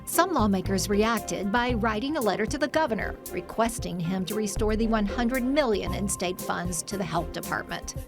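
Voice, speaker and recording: A woman with an American accent narrating a news report in a measured, clear way. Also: medium pitch, expressive, over music.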